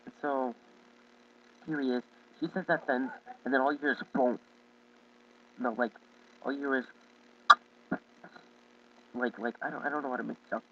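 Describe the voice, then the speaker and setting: A man telling a childhood story in a casual vlog, rambling, halting and often breaking into laughter. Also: medium pitch, steady tone, recorded from a distance, muffled recording, slight background noise. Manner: rambling, giggly, halting with many restarts. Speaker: YouTube storyteller.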